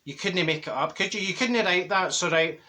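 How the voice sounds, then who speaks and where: A man's voice: sits high, moderate pace, sharp tone. A man playing a chatty, straight-talking middle-aged Glasgow woman, telling a gossipy comic story in a Glaswegian accent. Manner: gossipy, giggly storytelling with wee asides. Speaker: comedy character host. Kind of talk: comic character monologue.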